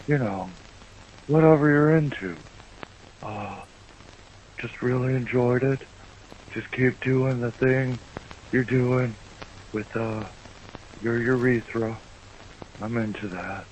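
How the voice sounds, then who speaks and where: A caller leaving a voicemail while doing an impression of a film actor, speaking in a deadpan, suggestive way. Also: male voice, mid-range voice, slow pace, long pauses, slight background noise, close to an everyday voice. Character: man impersonating a famous film actor, deadpan and creepy. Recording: muffled voicemail.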